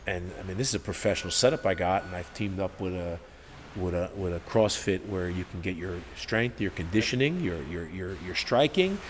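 A man tells stories in a low-pitched voice. He is profane and animated, and he acts out what people said. The recording carries long reverb from a gym and faint background noise. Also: a little fast. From Newark, New Jersey. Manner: profane, animated storyteller who acts out quotes. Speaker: gym owner and head coach, podcast guest. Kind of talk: casual storytelling interview. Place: martial arts gym.

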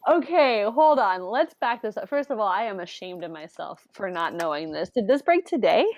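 A woman co-hosting a casual sports podcast, swearing freely, laughing often and reacting with loud disbelief. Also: medium pitch, expressive, normal speed, no room sound. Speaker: podcast co-host.

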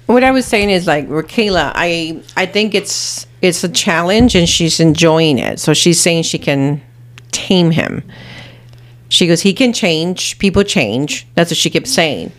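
A woman's voice: on the low side, measured pace. A woman co-hosting a casual podcast, explaining people's motives on a reality show. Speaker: podcast co-host.

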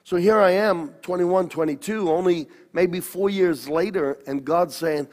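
A man's voice: high voice, measured pace, darkish tone. A man, a pastor telling his personal story in an interview, earnest and often correcting himself. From Australia. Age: 60s. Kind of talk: personal testimony. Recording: long hall reverb.

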